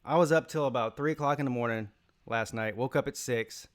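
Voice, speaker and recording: A man's voice: mid-range voice, fairly quick. A tired man hosting a live call-in sports show, talking casually and rambling as he reads out chat names. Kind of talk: casual live-stream talk.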